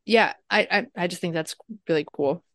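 A woman's voice: lowish voice, normal speed, fairly bright tone, no room sound, clean studio sound. A woman co-hosting a podcast, chatty and giggly, rambling through tangents in casual talk. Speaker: podcast co-host.

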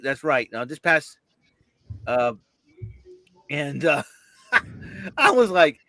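A man chatting casually on a podcast, telling a story in an animated way and laughing often. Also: fairly high pitch, takes it slowly, pauses often, no echo. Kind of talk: casual chat.

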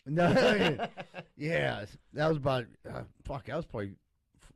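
A man's voice: a little high, sing-song, measured pace, vocal fry, dry recording, clean studio sound. A man, a comedian, telling a rambling, profane story in casual podcast talk and acting out the voices of the people in it. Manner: swearing, rambling, acts out voices in his story.

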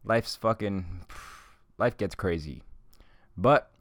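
A man hosting a solo podcast who talks in a casual, rambling, profane way while high. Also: takes it slowly, a bit bright, no echo, studio quality. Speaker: podcast host.

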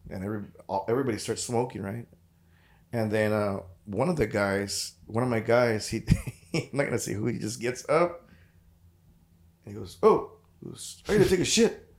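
A man, a touring musician who is a guest on a podcast, telling road stories in casual chat with halting restarts. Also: medium pitch. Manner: halting, repeats words while telling stories.

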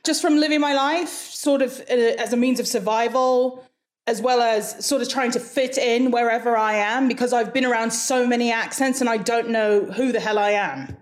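A woman guest from Hawaii speaking with an English-leaning accent in a somewhat high voice. She talks frankly and chattily, with quick asides. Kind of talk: casual interview chat.

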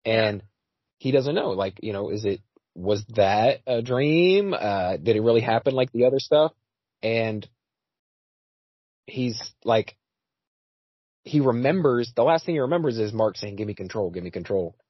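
A man's voice: medium pitch, lively intonation, a little slow, long pauses, slightly rough, no room sound. A man hosting a casual podcast chat, talking with frequent fillers and restarts. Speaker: podcast host. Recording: dry, slightly dull audio.

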